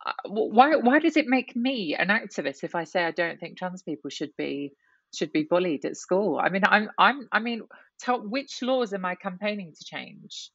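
A woman's voice: mid-range voice, normal speed, breathy edge, no room sound, muffled recording. A woman guest talking candidly in an interview, reflective and full of restarts and "you know"s. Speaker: guest, writer and columnist.

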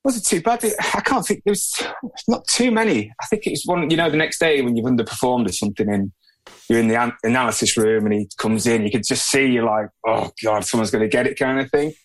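A man who is a podcast guest, answering in a relaxed, plain-spoken way and often hedging with "I guess". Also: medium pitch, fast. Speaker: podcast guest, former footballer. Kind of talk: casual interview answers.

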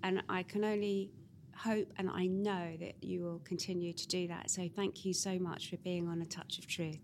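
A woman's voice: on the low side, flat delivery, normal speed, darkish tone, a little hiss or hum. A woman hosting a podcast, wrapping up an interview with effusive praise for her guest. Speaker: podcast host. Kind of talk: interview wrap-up.

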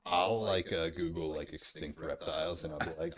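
A man's voice: rumbling low, fairly even intonation, moderate pace. A man hosting a podcast in casual chat, laid-back and ending sentences with "man". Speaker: podcast host.

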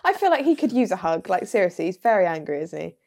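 A woman's voice: lowish voice, sing-song, quick pace, a little mellow. A woman in her twenties co-hosting a casual podcast, chatty and teasing, laughing often. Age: 20s. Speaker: podcast co-host. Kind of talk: casual podcast chat, quickfire quiz.

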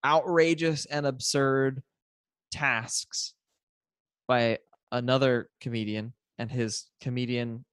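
A man's voice: medium pitch, no room sound, clean studio sound. A man co-hosting a podcast, chatting casually and with enthusiasm, often restarting his sentences. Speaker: podcast co-host. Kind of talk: casual chat.

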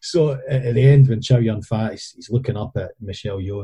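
A man's voice: fairly low pitch, a little fast, dark tone, breathy edge. A Scottish man telling rambling stories in casual chat, with frequent restarts.

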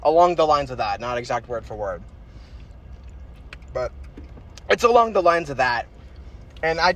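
A man's voice: medium pitch, a bit bright. A man hosting a casual podcast, talking in a profane, boastful and swaggering way. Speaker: podcast host.

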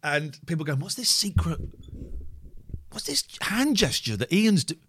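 A man streaming live, reacting to a clip of himself with mocking commentary and hushed asides. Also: fairly high pitch, moderate pace, slightly rough. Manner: animated and mocking, drops to a hushed inner voice.

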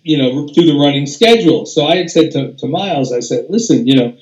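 An older man recounts studio stories in a loose, rambling way, restarting sentences and swearing casually. His voice sits somewhat high for a man. A roomy echo surrounds him. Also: fairly quick, darkish tone, lo-fi sound. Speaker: music producer, interview guest. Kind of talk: casual anecdotal storytelling.

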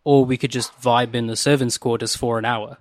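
A man chatting as a player in a tabletop role-play game, with halting restarts and incredulous questions. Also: medium pitch, steady tone, a little hiss or hum. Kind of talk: casual role-play chat.

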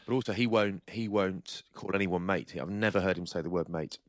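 Low-voiced man, podcast banter. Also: a little fast, dry recording, studio quality. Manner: banter, mimics friends in high voices. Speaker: podcast co-host. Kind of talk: casual chat.

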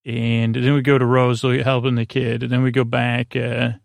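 Gravelly flat-voiced man recapping drowsily. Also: dry recording. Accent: Upstate New York. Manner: halting, many "uh"s and restarts, low-key. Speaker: podcast host. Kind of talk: sleepy recap of a TV episode.

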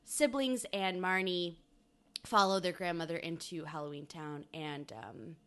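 A woman co-hosting a casual chat, playful and chatty with quick asides. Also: fairly low pitch, fairly bright tone, clear, resonant tone. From United States.

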